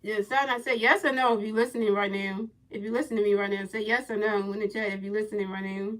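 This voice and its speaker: A woman streamer runs playful play-by-play over a baseball video game at a middle pitch. She circles back to the same teasing questions for her chat again and again. Her pitch calls come in a sing-song, repeated rhythm. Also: steady tone, quick pace, fairly bright tone, low-quality recording. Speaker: gaming livestreamer.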